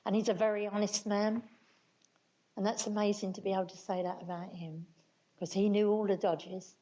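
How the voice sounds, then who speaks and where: A woman's voice: medium pitch, little pitch movement, normal speed, warm tone, rough recording. An older woman speaking earnestly at a public talk, stressing key words and backing up her partner. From Britain. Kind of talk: conversational talk to an audience.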